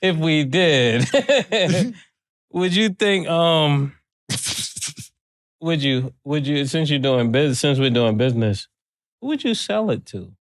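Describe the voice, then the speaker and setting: A man's voice: a little high, lively intonation, slow pace, pauses often. A man asking teasing questions in a casual interview, drawing out his words.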